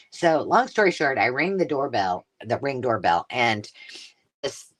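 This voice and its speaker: On a casual live stream from home, a craft host unboxes her finds while rambling through stories and breaking off her own sentences. Her mid-range voice is fairly bright, with lively intonation at a normal speed.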